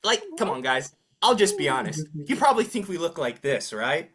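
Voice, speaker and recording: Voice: mid-range voice, normal speed, breathy edge. Teacher on a video call, bouncy up-and-down voice, jokey, keeps asking the class stuff. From United States. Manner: lively, teasing, asks the class questions. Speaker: English teacher. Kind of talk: interactive online English class.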